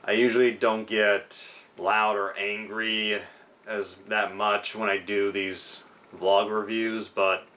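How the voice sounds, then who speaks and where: A man's voice: lowish voice, level tone, slow, pushed and bright. A young man reviewing a film in a casual vlog, sounding frustrated as he criticizes it. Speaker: movie reviewer.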